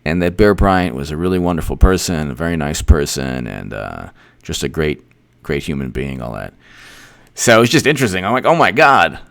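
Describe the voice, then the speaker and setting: A man hosting casual political commentary, rambling and repeating himself, with animated asides. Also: extremely low pitch, brisk, gravelly.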